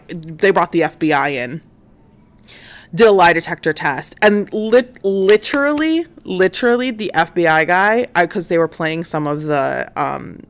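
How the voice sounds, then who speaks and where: Chatty woman recapping a case. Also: fairly low pitch. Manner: chatty, many fillers, acts out quotes. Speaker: stream host. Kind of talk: casual true-crime recap.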